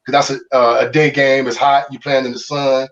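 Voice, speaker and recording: A man's voice: mid-range voice, flat delivery, brisk, fairly bright tone, far from the mic, muffled recording. A middle-aged man from Chicago, a former pro ballplayer, telling his story in an interview with loose slangy talk and frequent restarts. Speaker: former pro baseball player, guest.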